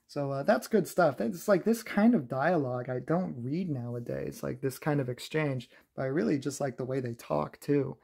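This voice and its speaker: A man recapping a comic book in a casual, chatty review, laughing often and filling pauses with "uh". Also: medium pitch, creaky, a little mellow, breathy edge.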